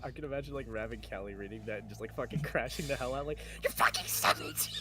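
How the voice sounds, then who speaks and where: A man's voice: mid-range voice, rapid-fire, very noisy. A man co-hosting a casual commentary chat in a giggly, teasing manner. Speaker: co-host.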